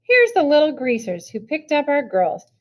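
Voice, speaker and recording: A woman's voice: sits high, wildly swooping pitch, normal speed, pitched above the performer's own voice. A woman voicing a drunk, sneering rich teenage boy who taunts slightly unsteadily, in a storybook reading. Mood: taunting.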